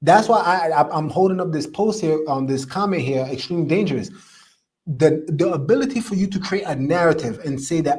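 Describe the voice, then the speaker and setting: A man's voice: on the high side, brisk, a little mellow. A man hosting a live stream, reading viewer comments and preaching his opinions with emphatic, repetitive stress.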